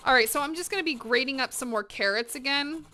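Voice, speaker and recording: A woman cooking live in her kitchen, chatting with her viewers. Her voice sits a little high, bright and crisp, and she talks with lots of energy and plenty of swearing. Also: quick pace. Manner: energetic, chatty and profane, talking to chat. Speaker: cooking streamer. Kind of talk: casual chat while cooking on stream.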